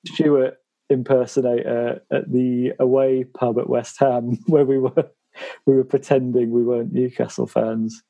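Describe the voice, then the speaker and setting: Mellow man, chuckling stories. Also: medium pitch, flat delivery, measured pace, vocal fry, muffled recording. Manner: storytelling with chuckles. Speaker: podcast co-host. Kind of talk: casual chat.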